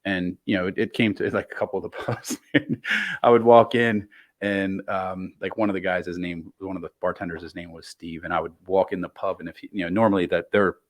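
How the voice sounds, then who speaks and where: Low-voiced chatty American man. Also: level tone, brisk, no echo. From United States. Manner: rambling, lots of "you know" fillers. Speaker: podcast co-host. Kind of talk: casual chat. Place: Florida.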